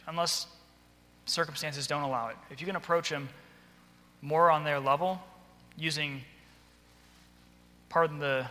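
A man giving an earnest, conversational training talk as a teacher, dropping to a softer voice when he acts out classroom exchanges. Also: on the high side. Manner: earnest, conversational, drops to soft voice for acted quotes. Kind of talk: instructional talk with acted classroom dialogue. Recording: long echoey hall reverb.

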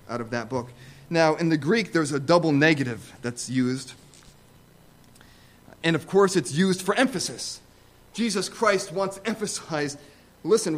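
A male preacher with a notably high voice delivers a sermon. He talks in an easygoing, conversational way, then rises to loud, emphatic repetitions. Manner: emphatic, rising to loud repeated stresses; conversational asides with fillers.

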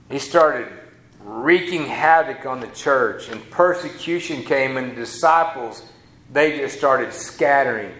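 A man's voice: mid-range voice, a bit bright. A man, preaching a sermon as a pastor in a folksy, conversational way with casual asides. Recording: echoey room.

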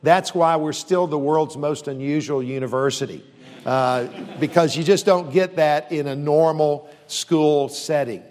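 Addressing a church congregation, a man who heads a university talks in an earnest, steady way, often using fillers and restarting sentences. His voice is fairly high and a little mellow, at a measured pace, with long reverb on the audio.

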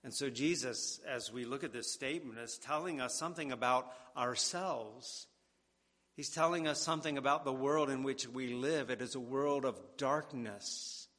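A man preaching a sermon, deliberate and emphatic, repeating key words for weight. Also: mid-range voice, a bit bright. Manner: slow and deliberate, with emphatic repetition. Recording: long hall reverb.

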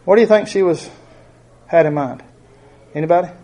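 Man, middle-aged, Bible study teacher, chatty, quizzes the group, slightly high voice. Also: fairly quick, warm tone. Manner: conversational, asks the group questions.

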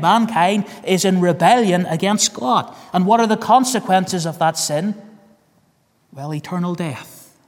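Northern irish guy preaching, earnest, repeats himself for effect, high voice, echoey church hall. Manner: earnest, repeats key phrases, addresses listeners as friend. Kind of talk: sermon. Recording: long hall reverb.

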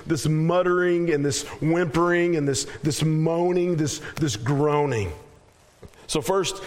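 A man preaching a sermon as pastor, earnest, often repeating words as he searches for a phrase and slowing down to stress scripture. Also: a little high.

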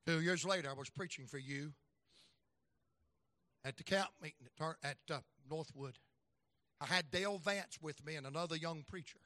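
A middle-aged evangelist preaches a sermon full of folksy stories, acting out character voices and shifting from loud to soft. His voice is a little high, his speed normal with long pauses, and the studio recording is clean with no room sound.

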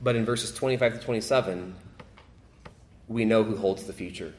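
A man's voice: fairly low pitch, normal speed, a little mellow, a little hiss or hum. Emphatic male preacher. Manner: emphatic, repeats phrases, voice rises sharply when quoting pleas. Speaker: pastor. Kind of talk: sermon.

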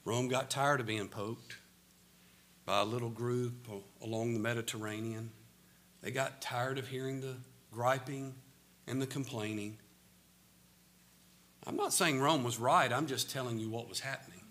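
A man with a Southern American accent preaching a sermon, slow and emphatic, his voice swelling loud on key words. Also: mid-range voice, fairly even intonation.

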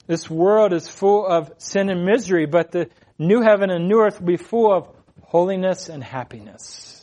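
A man's voice: high-pitched, moderate pace, warm tone. A man preaching a sermon as pastor, earnest, repeating key phrases and putting questions to the congregation.

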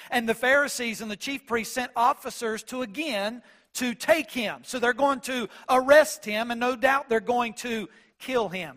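Male pastor with a high voice, earnest expository preaching that swells to loud proclaiming, reads old-style scripture. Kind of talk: expository sermon.

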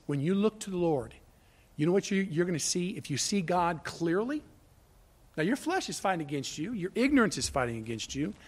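A man with a notably high voice preaches from the pulpit as pastor. He poses rhetorical questions and answers them himself, swinging between ringing declarations and hushed, near-whispered asides. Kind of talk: sermon.

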